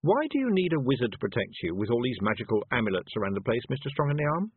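A man voicing a clever young girl witch who speaks calmly with sweet sarcasm. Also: mid-range voice, normal speed, husky, no echo, narrow, tinny audio, pitched above the performer's own voice.

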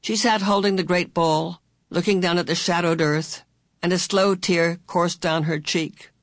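An audiobook narrator reading a novel aloud in a measured, expressive way. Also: mid-range voice, dry recording. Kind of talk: scripted narration.

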